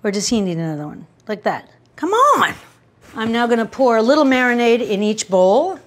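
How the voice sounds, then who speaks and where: A woman's voice: a little high, lively intonation, fairly quick, darkish tone. Chatty woman cooking in a home kitchen. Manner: chatty, wry asides and anecdotes. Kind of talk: casual cooking demonstration.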